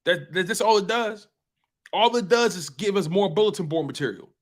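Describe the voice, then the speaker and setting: A man's voice: high-pitched, a little fast. A man hosting a fan sports talk show, speaking passionately and emphatically and repeating phrases for effect. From US East Coast.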